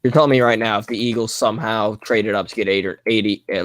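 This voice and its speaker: A man's voice: lowish voice, fairly even intonation, fast, no echo. A man co-hosting a casual sports stream, blunt and sarcastic, swearing freely.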